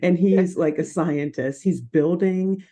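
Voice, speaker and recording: A woman co-hosting a podcast, recapping a cartoon episode in an animated, laughing chat. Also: lowish voice. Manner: animated, laughing, quick asides. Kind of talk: casual chat.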